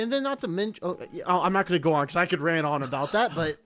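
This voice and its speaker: A VTuber chats over a story game, ranting and joking in an animated way. The pitch swings widely from line to line. Faint music runs underneath. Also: quick pace. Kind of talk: casual reaction commentary.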